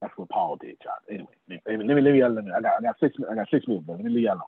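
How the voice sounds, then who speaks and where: Fiery husky-voiced man preaching sales. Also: lowish voice, lively intonation, racing, no echo. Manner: fiery, talks straight to listeners by name, swears. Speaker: sales trainer. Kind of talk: animated preacher-like teaching. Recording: tinny phone-like video call audio.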